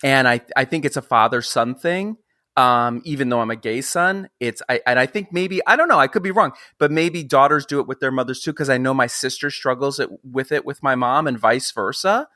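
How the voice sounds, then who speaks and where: Male interviewer, fifties, bright middle-pitched voice, rambling storyteller. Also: brisk, no room sound, clean studio sound. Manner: animated, rambling storyteller with restarts. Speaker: podcast interviewer. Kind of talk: casual conversational interview.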